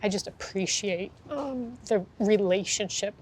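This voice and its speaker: A woman horse trainer in an interview, telling her story candidly with animated, lively delivery and frequent fillers. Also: mid-range voice, measured pace, a little hiss or hum. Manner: animated, acts out quoted reactions, frequent fillers.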